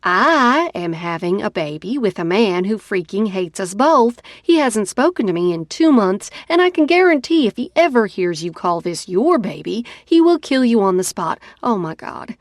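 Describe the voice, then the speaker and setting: A woman voicing an anxious, emotional young woman who is quick to shout. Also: fairly high pitch, big pitch swings, no echo, studio quality, voice pushed up. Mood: panicked.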